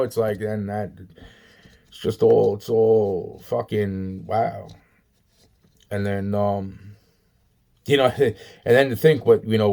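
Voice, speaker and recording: A man's voice: fairly low pitch, noisy background. A man in a rambling, agitated, profane monologue, repeating himself. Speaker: vlogger.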